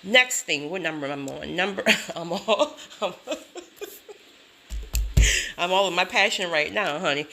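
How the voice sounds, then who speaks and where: Woman, sassy motivational vlogger, bright and lively delivery. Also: on the low side, a little slow, gravelly, long pauses, slight background noise. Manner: sassy, emphatic, repeats catchphrases; laughs often, animated storytelling. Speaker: self-help vlogger. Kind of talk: motivational talk to camera.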